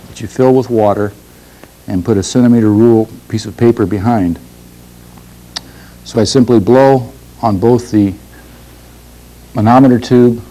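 A man teaching a class, explaining a lab demonstration in a measured way, pausing and clearing his throat now and then. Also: lowish voice, warm tone, low-quality recording. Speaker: instructor.

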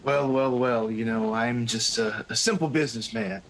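A man's voice: mid-range voice, moderate pace, slight background noise, lightly acted, low-quality recording. A man voicing a chummy, boastful bootlegger businessman with a slick manner. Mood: chummy boasting. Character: smooth-talking male bootlegger businessman.

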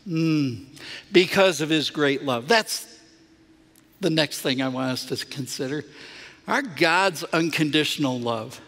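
Middle-aged pastor preaching slow in a church, kinda high voice, big hall echo. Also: male voice. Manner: earnest storytelling, swings from hushed to emphatic. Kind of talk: sermon. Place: church sanctuary.

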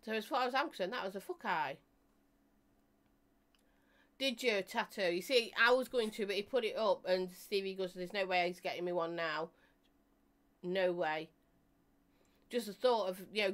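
A woman's voice: medium pitch, normal speed, pauses often, a bit bright. A woman hosting a live stream, chatting casually with her viewers, laughing often and joking as she reads out their comments.

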